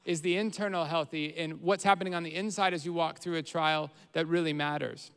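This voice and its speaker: High-voiced preaching man in a hall. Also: steady tone, a little fast, fairly bright tone, smooth. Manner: earnest preaching, rises in volume on quoted prayers. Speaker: pastor. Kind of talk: sermon. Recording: roomy hall reverb.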